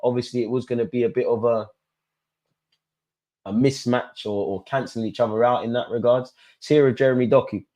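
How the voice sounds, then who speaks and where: Young guy doing a footy watch-along, chatty, cheeky, shouting at players. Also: mid-range voice, fairly quick. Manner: animated, banter-filled, talks straight to players and chat. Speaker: football watch-along host. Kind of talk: casual live match commentary and chat.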